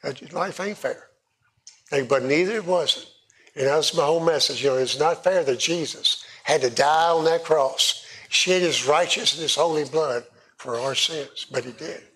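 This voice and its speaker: A man giving a sermon testimony, halting and often repeating himself. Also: a little high, a bit bright. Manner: halting, repeats words and restarts. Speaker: preacher.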